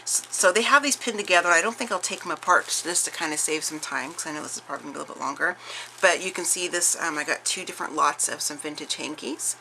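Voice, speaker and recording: A woman's voice: low voice, quick pace, sharp tone, a little hiss or hum, poor audio. A middle-aged woman showing off a craft haul in chatty show-and-tell style, gushing over each piece with many fillers and restarts. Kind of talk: casual show-and-tell chat.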